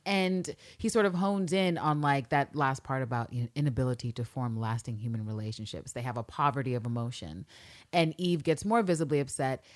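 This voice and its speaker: A woman co-hosting a podcast, chatting casually about a TV episode, animated and profane, acting out the characters' lines as she goes. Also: a bass voice, fairly quick. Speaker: podcast co-host. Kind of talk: casual TV recap chat.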